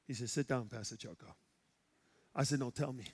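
A male pastor from Chicago with a Chicago accent, preaching and telling stories, going from loud shouts to hushed quiet. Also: medium pitch, fairly quick. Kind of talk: sermon. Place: church sanctuary.

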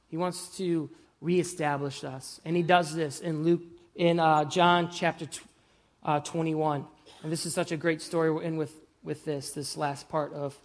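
Man preaching a conversational sermon. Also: fairly high pitch. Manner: conversational, asks the congregation "right?" and "amen?"; swings between loud emphasis and soft, hushed lines. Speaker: pastor.

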